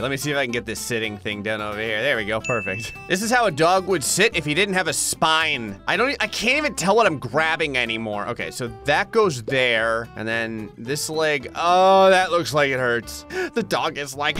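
A young man commentating a video game, excitable and joking, laughing often as he plays. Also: a little high. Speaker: gaming YouTuber. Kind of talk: let's-play commentary.

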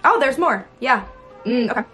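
A woman's voice: fairly high pitch, lively intonation, normal speed, sharp tone, faint music behind. A young woman chatting casually in a playful, self-mocking vlog. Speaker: video creator.

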